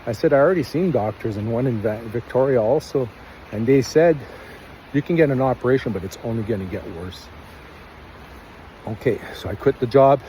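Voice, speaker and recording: A man's voice: mid-range voice, animated, brisk, mellow, a little hiss or hum, poor audio. A man from Canada telling a long personal story in a casual, rambling, earnest way, acting out quoted lines as he goes.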